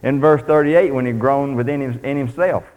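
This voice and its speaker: Preacher in a reverberant hall. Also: male voice, mid-range voice, moderate pace, a little mellow. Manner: folksy, plainspoken preaching, reads scripture aloud. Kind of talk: sermon.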